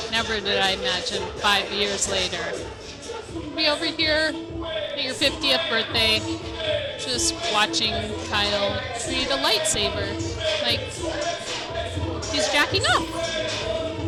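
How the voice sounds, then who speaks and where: A woman leaving a slow, joking birthday voice message at a noisy party. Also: fairly high pitch. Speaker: party guest. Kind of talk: guest book voice message. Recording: noisy party crowd nearby.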